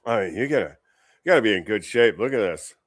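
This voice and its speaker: A man hosts a show where he reacts to videos, rambling and swearing casually, laughing often, and filling his talk with "you know." His fairly low voice is expressive and quick. There is no echo.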